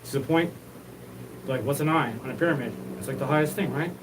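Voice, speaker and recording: A man's voice: a little high, fast, recorded from a distance, noisy background. A man hosting his own show, talking in a rambling, repetitive, profane solo monologue. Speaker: show host.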